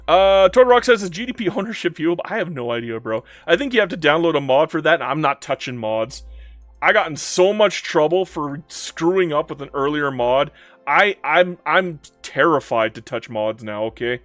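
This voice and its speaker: Give me an excitable man streaming a strategy game, bouncy and high, with faint music underneath. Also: normal speed, dry recording. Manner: excitable and playful, talks to in-game nations. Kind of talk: live strategy-game commentary, reading chat.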